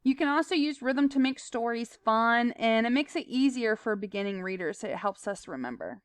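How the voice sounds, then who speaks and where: A woman's voice: a little high, animated, normal speed, dry recording. A woman teaching a recorded lesson, explaining terms plainly with fillers and asides.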